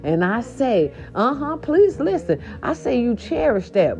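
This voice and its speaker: Sassy animated woman telling a story. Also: high-pitched, a little slow. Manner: animated, sassy, talks to viewers as "baby". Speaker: vlogger. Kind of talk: casual storytelling to viewers. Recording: dull lo-fi sound with faint music behind. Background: faint music.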